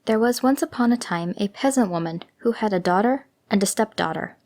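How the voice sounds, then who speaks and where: A woman narrates an old fairy tale with gentle, expressive delivery. Her voice sits at an ordinary middle pitch. She reads in a calm storybook manner. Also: a little fast.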